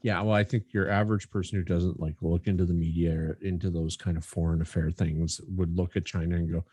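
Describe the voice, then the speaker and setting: A man's voice: low-pitched, flat delivery, a little fast, mellow, husky, no room sound. A man co-hosting a podcast in casual chat, joking and rambling with casual swearing. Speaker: podcast co-host.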